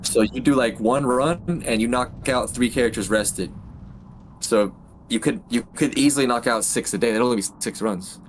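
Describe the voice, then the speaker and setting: A man's voice: medium pitch, normal speed, a little hiss or hum. A man streaming a game, chatting casually and loosely with lots of slang. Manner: laid-back, slangy, says dude and bro. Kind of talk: casual gaming chat.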